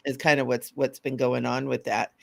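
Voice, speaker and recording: Gravelly-voiced mystic woman on a spiritual chat show, super enthusiastic, lots of "you know?". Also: very deep voice, little pitch movement, normal speed. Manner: enthusiastic and affirming, asks for agreement. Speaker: mystic co-host. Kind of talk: casual spiritual talk show.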